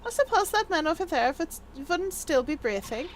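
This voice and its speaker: A woman's voice: very high voice, sing-song, moderate pace, a little hiss or hum, voice pushed up. A woman voicing an arrogant young female prosecutor who snaps back with scornful, imperious retorts. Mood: scornful, indignant. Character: haughty, whip-cracking young female prosecutor.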